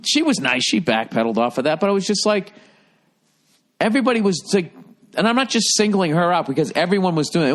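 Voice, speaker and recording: A middle-aged man with a slightly raised pitch co-hosts a casual podcast. He rants in a profane, animated way, swearing freely and getting worked up as he goes. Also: fast. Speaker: podcast co-host. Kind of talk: casual chat.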